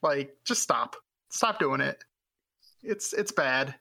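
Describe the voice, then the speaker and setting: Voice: mid-range voice, expressive, slow, vocal fry, sharp tone. A podcast co-host in casual chat, explaining things at length as a comic-book fan.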